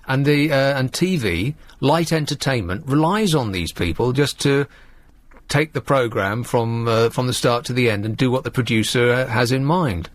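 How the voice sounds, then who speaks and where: A man's voice: mid-range voice, moderate pace, no echo. A man hosting a radio talk show, rambling and sardonic as he chats opinionatedly into a studio microphone. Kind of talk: casual radio chat.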